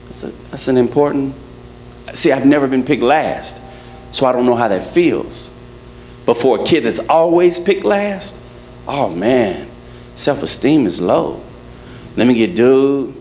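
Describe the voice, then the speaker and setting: A man preaching a lively sermon to his congregation, joking and acting out little scenes as he goes. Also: mid-range voice, unhurried, a little hiss or hum. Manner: playful, acts out quotes, laughs with congregation. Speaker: pastor. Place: church service.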